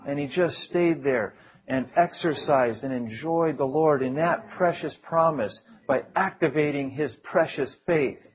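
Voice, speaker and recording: A man's voice: fairly high pitch, a little slow. Earnest preacher man, muffled recording. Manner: earnest, conversational, with small jokes and prayed quotes. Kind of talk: sermon.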